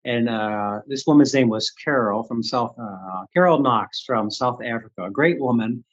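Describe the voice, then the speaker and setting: A man's voice: medium pitch, normal speed, husky, highs cut off. An older man from the Midwestern United States, candidly telling a story as an interview guest and acting out his own past thoughts. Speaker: guest, Reiki teacher.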